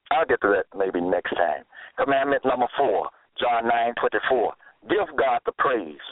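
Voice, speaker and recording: A man preaching a sermon slowly and emphatically, his pitch swinging widely as he stresses words. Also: dry recording. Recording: tinny phone line, dry.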